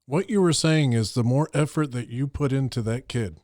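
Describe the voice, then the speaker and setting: A man's voice: medium pitch, moderate pace, a little mellow, no room sound, clean studio sound. A man hosting a podcast interview, enthusiastic and eager to sum up and connect his guest's ideas. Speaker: podcast host. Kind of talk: casual interview talk.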